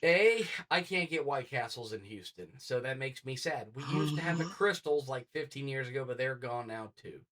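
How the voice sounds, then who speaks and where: A man around forty co-hosting a podcast, telling animated stories and acting out the dialogue. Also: medium pitch, moderate pace, hardly any pauses, distant mic. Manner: animated storyteller, acts out dialogue. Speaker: podcast co-host. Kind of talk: casual storytelling.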